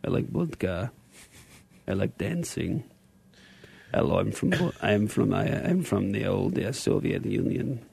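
A man putting on a joking, exaggerated Russian accent as a vodka-loving Russian man, in a low, hushed voice. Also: animated, a little slow, creaky, breathy edge, heavily acted. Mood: hamming. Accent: mock Russian.

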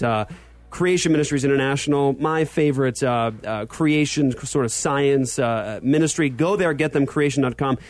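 A man's voice: mid-range voice, no room sound. A man in his thirties hosting a casual podcast, telling stories with lots of fillers and energy. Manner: animated storyteller, many fillers. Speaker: podcast host. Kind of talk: casual chat.

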